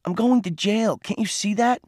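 Guy doing a scared teen boy, voice up high and trembly, dead dry audiobook sound. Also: expressive, normal speed, a little mellow, dry recording, close to an everyday voice. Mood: pleading. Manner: emotional, voice trembling. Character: troubled teenage boy, scared and defensive.

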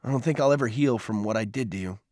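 A man's voice: mid-range voice, fast talker, darkish tone, no echo, studio quality, close to an everyday voice. A man voicing a remorseful teenage boy who speaks earnestly and from the heart. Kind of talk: audiobook character voice.

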